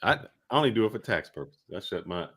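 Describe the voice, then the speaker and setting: A man making relaxed, offhand remarks in a casual online chat. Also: fairly low pitch, fast talker, breathy edge. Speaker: co-host in a stream chat.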